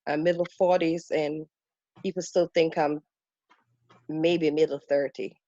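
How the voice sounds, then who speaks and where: A Jamaican woman in her forties speaks in a rather low voice, telling her story with animated flair and slipping into other people's lines. The video call sound is dull and very dry. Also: unhurried, no room sound. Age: 40s. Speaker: workshop participant. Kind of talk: casual sharing.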